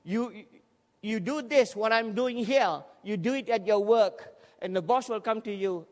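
A man preaching a lively, humorous sermon in a large church hall, joking with the congregation and urging them to respond. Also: sits high, unhurried. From Scotland. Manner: energetic, jokey, urges the crowd to respond. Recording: long hall reverb in a church.

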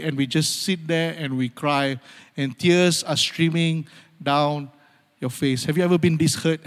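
Man preaching in an echoing hall. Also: fairly high pitch. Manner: dramatic swings from loud urgency to hushed near-whispers; repeats phrases for emphasis, calls out amen. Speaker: pastor. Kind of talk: sermon. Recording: long hall reverb.

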